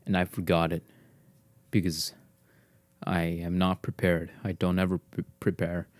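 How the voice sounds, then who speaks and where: A podcast host talks alone in his garage, rambling in a self-deprecating way into a desk mic connected to his computer. His voice is deep and monotone, his pace measured, and the recording dry.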